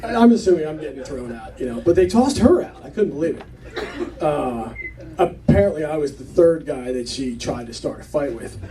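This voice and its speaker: A man's voice: on the high side, lively intonation, normal speed, dark tone. A man doing a rambling stand-up story set in a small comedy club, chatty and full of fillers, picked up from a distance with the crowd laughing. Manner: conversational, rambling with fillers, acts out quotes.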